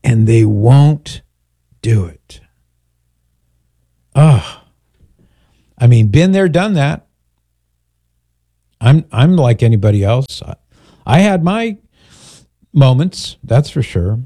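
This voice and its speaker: A man's voice: medium pitch, big pitch swings, takes it slowly, pauses often, mellow, no echo, clean studio sound. An older man, a grandfather, hosting a call-in radio show, speaking earnestly and reflectively with frequent restarts.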